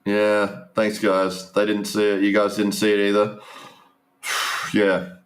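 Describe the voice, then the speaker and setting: A man's voice: lowish voice, monotone, takes it slowly. A man giving casual, rambling live stream commentary, restarting sentences and talking straight to his viewers.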